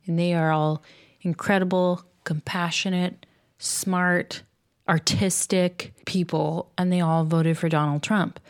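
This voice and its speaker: A woman with a somewhat low voice, chatting in a relaxed and thoughtful way. She shares stories about her family. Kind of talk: casual chat.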